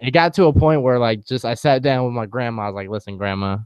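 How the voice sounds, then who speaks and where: A man's voice: medium pitch, quick pace, smooth, dry recording. A young man co-hosting a casual podcast, telling stories in a laid-back, slangy way and laughing often. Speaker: podcast co-host. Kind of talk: casual chat.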